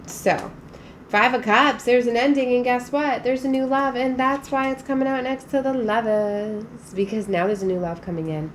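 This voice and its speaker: A woman's voice: fairly high pitch, steady tone, moderate pace, slight background noise. A woman giving a casual spiritual tarot reading, chatty and emphatic, with frequent fillers. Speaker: tarot reader.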